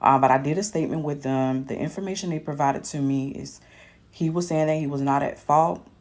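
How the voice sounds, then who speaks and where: A woman's voice: low-pitched, fairly quick, a little mellow. A young woman telling a personal story in a casual, matter-of-fact way, with frequent ums. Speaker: storyteller in a clip.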